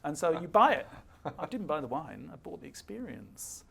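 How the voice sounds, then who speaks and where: A man's voice: fairly high pitch, very animated, moderate pace, creaky, a bit bright, a little hiss or hum. An older man, a guest speaker at a fireside chat, telling stories emphatically and acting out the dialogue.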